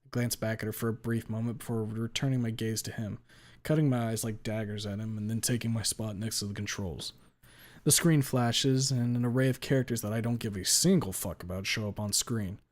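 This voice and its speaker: A man reading a first-person story aloud with a blunt, deadpan delivery and casual swearing. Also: fairly low pitch, fairly quick. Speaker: story reader.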